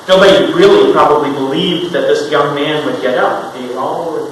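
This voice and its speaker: A male pastor delivering a sermon, telling a story with sudden emphatic rises and soft drops. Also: steady tone, moderate pace, few pauses. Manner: storytelling, rising to emphatic highs then dropping soft. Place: church sanctuary. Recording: echoey hall from far off, noisy.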